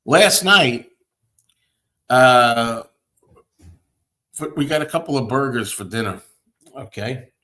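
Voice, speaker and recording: A male host tells everyday stories in a chatty, ranting way, his voice rising high when he acts out what he said. His pitch sits in the ordinary middle range for a man, and he talks to listeners directly. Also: takes it slowly, pauses often. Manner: ranting, animated storytelling. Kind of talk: casual chat.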